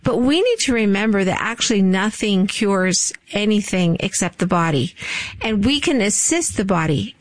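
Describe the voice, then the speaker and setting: A woman's voice: mid-range voice, dry recording. A woman guest on a talk program, explaining in an earnest manner, often repeating words as she starts her points. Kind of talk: casual interview talk.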